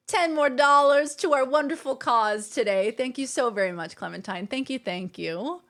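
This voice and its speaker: A woman's voice: fairly high pitch, lively intonation, a little slow, few pauses, fairly bright tone. A woman streamer chatting casually on a live stream, thanking her viewers over and over, with lots of fillers and repeats.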